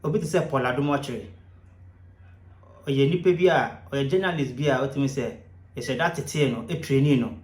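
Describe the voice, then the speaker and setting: A man hosting his channel, narrating commentary in a measured, explanatory way. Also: medium pitch, darkish tone. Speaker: channel host. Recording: roomy echo.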